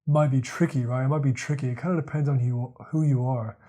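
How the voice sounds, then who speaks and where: Guy rambling thru his thoughts on a podcast, lots of "you know", warm mellow tone. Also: mid-range voice, fairly even intonation, quick pace. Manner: rambling, repeats words, frequent fillers. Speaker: podcast host. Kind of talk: casual monologue, reading quotes aloud.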